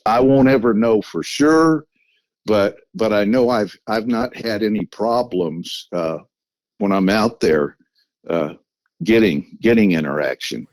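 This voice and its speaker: A man's voice: lowish voice, darkish tone, dry recording. A man telling a story as a podcast guest, with restarts and frequent "you know"s.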